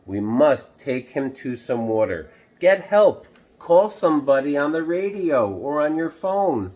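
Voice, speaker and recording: A man voicing a frantic young boy in a storybook, high and pleading. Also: very animated, a little slow, darkish tone, dull audio. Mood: urgent. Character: young boy, frantic over his fish.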